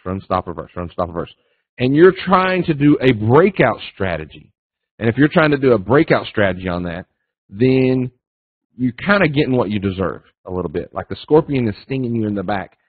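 Over a dry, tinny line that sounds like a phone, a man with a fairly low voice gives a folksy trading lesson as a guest speaker. It's casual webinar teaching, full of repeated phrases and little voices acted out in his stories.

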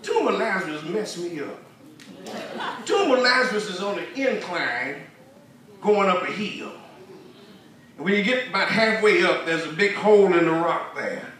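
A man from Texas, telling a folksy story in a sermon that builds into shouted preaching, recorded in a church sanctuary from a distance. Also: sits high, animated, measured pace, pauses often. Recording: echoey hall from far off with congregation.

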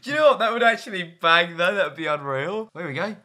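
A man's voice: high voice, lively intonation, fast talker, very noisy. A young man hosting a casual, jokey chat and laughing often. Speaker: host.

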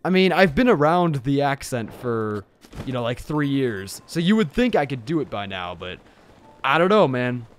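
A young man from Illinois chatting casually as he streams a game live on a boom-arm mic, excitable and shouting during fights. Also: moderate pace, slight background noise. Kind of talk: casual live gameplay commentary.

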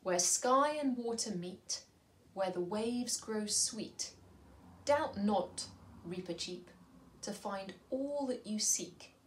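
A woman reading aloud as a brave, courtly male talking mouse from a storybook, speaking in an earnest, solemn manner and often dropping to a hushed whisper. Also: mid-range voice, slow pace, a little hiss or hum, close to an everyday voice.

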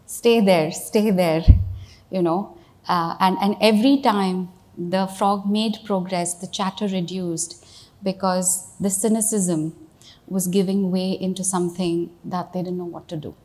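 Woman giving a lowish, chatty keynote. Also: steady tone, unhurried, darkish tone. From India. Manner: conversational, story-telling, leans on "you know" and "right?". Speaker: keynote speaker, CEO. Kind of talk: keynote speech.

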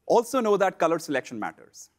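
A man presenting a scripted instructional lesson for online sellers, in a measured, explanatory delivery. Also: sits high, big pitch swings.

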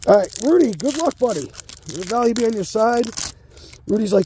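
A man's voice: high-pitched, animated, fairly quick, mellow, slight background noise. A sick man talking casually and a bit crudely as he opens card packs at home, breathing hard and short of breath. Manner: rambling, crude, muttering under his breath. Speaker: card-opening channel host. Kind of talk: casual pack-opening commentary. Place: home basement room.

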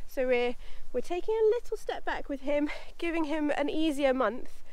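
A woman's voice: high voice, animated, normal speed, darkish tone, dry recording. A woman vlogging casually outdoors at a horse yard, a little out of breath from walking, talking chattily to the camera and to her horses. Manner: chatty, talks to her horses in a fond baby voice. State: a bit out of breath from walking uphill. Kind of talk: casual vlog chat.

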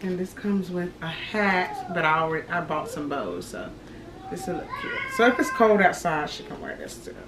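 Animated and barely pausing, a pregnant woman in her thirties chats with her viewers at normal speed in a fairly low voice, slightly breathless and calling them "y'all." The vlog is recorded on a distant camera mic in an echoey home room with background noise.

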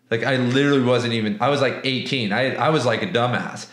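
A young man from the West Coast giving a casual, rambling book review, profane and animated, with many restarts. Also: mid-range voice, fast talker, few pauses. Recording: echoey room.

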